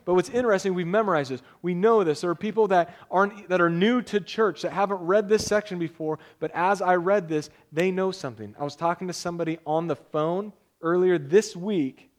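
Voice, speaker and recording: Pastor, male, a bit higher-pitched than most men, relaxed joking sermon delivery with measured scripture reading. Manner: casual, conversational preaching with jokes; reads scripture aloud in a measured way.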